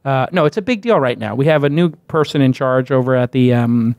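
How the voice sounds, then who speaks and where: A man hosting a tech news roundtable, upbeat and quick with short interjections. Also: medium pitch, lively intonation, a little mellow, no echo. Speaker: host. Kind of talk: casual roundtable chat.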